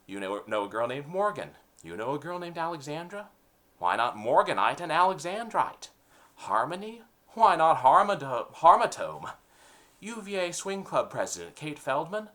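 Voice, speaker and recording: Sarcastic man ranting with lively pitch. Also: moderate pace. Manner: opinionated, sarcastic, punning. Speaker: host. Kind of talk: comedic rant.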